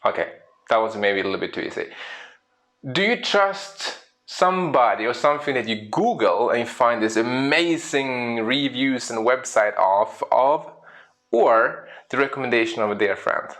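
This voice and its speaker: A man's voice: mid-range voice, normal speed. A man, a speaker and coach, giving a storytelling presentation, asking the audience questions and acting out little scenes. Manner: lively, acts out little scenes in quoted voices.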